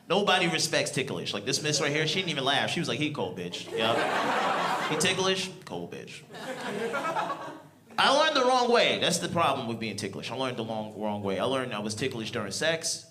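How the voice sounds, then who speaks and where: A man's voice: medium pitch, very animated, quick pace, heavy background noise. A man in his thirties from New York doing a stand-up comedy set in a club, telling stories in loose slang with laughing asides. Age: 30s. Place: comedy club with live audience. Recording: loud crowd in a club.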